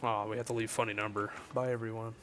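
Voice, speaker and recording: A man's voice: lowish voice, level tone, fast talker, background noise. Chatty young man streaming a game. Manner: chatty, jokey, reads chat aloud. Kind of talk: casual livestream chat while gaming.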